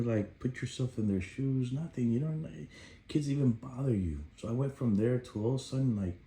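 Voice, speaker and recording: Man, lowish mellow voice, father's personal story, animated retelling, roomy echo. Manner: animated, acts out his own past shouts.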